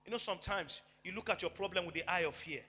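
A man preaching a sermon, emphatic, swinging between loud bursts and quiet asides. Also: high voice, fast talker, breathy edge. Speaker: pastor. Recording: echoey hall, dull lo-fi sound, faint music.

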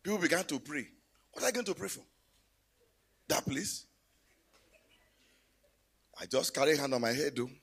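A man preaching a sermon in a church, telling stories and rising to loud exclamations. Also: fairly high pitch, lively intonation, moderate pace, long pauses, breathy edge.

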